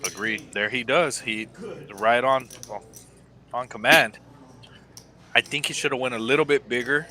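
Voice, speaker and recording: A man calling a live poker game, giving measured, analytical play-by-play. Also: mid-range voice, sharp tone. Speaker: poker commentator.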